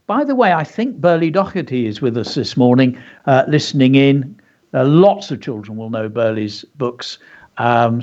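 A man's voice: medium pitch, a little mellow. A man hosting a children's radio lesson, reading his story aloud with enthusiastic, chatty asides. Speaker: teacher and radio show host. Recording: dull lo-fi radio audio.

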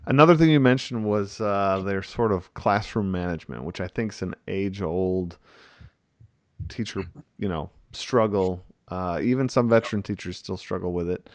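A man hosting a relaxed talk about teaching, animated and chatty with many fillers. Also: sits low, normal speed, dry recording. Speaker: podcast host and teacher. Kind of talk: casual conversation.

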